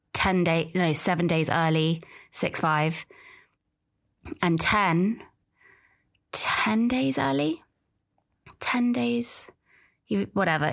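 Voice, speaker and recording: A woman, chatting casually and candidly on her own, often trailing off and restarting. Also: deep voice. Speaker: podcast host. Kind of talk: casual solo chat about pregnancy and birth.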